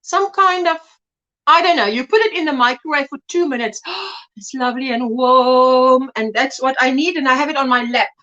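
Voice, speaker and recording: A woman with a high, sharp voice speaks at normal speed over lo-fi sound, a little out of breath. Hosting a casual crochet livestream, she chats while crocheting, teases, and greets viewers by name.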